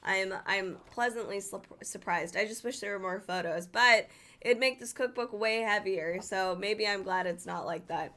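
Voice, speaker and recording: A woman's voice: mid-range voice, normal speed, sharp tone. A woman casually paging through a cookbook, chatty and enthusiastic, stumbling over foreign dish names. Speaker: cookbook reviewer. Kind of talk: casual book flip-through.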